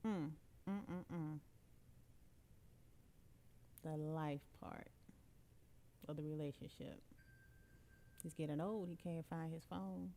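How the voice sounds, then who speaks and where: A woman's voice: deep voice, fairly even intonation, slow, pauses often, mellow, a little hiss or hum. A young woman co-hosting a podcast in casual chat, teasing and playful. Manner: teasing, playful, laughs often. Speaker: podcast co-host.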